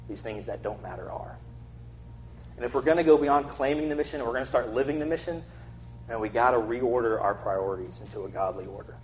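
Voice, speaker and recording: A man's voice: medium pitch, steady tone, fast talker, a little mellow, slight background noise. A young man preaching a casual, conversational sermon, acting out quotes in an everyday voice. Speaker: pastor.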